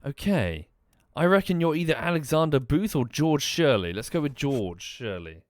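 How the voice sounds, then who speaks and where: A man's voice: on the high side, very animated, moderate pace. A man streaming a game, thinking aloud and questioning the characters on screen. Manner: musing aloud, talking to characters. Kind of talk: live game commentary.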